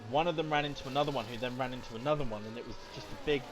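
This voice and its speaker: A man commentating live on an online racing league, lively and prone to sudden excited outbursts. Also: medium pitch, rapid-fire. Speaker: race commentator.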